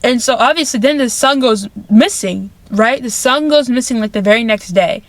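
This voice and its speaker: Woman vlogger recapping a film, kinda high voice, rambly and repetitive, dry sound. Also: moderate pace, no room sound. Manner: chatty, repeats phrases, many "like" fillers. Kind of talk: casual movie recap.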